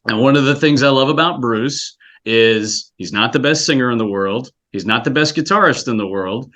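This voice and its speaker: A male guest from South Florida with a voice of ordinary male pitch. He speaks earnestly and thoughtfully about his work, often stopping and restarting his sentences. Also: normal speed, a bit bright. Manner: earnest, reflective, with frequent restarts. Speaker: guest, scouting executive director. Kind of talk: casual interview chat.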